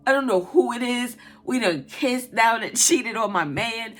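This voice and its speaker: Over soft background music, a woman tarot reader speaks in a fairly high voice, a little slowly. Before the reading she tells a casual, animated story, swearing a lot and laughing as she goes.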